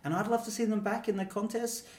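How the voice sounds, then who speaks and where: A man's voice: high voice, fairly even intonation, fast talker, darkish tone. A man co-hosting a podcast, talking in an enthusiastic, gushing way and laughing often. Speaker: podcast co-host. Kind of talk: casual chat. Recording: roomy echoey room.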